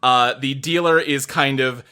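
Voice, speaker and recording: A man's voice: medium pitch, fairly even intonation, measured pace, sharp tone, clean tone. A man narrating and running a tabletop game in casual, profane talk. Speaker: game master.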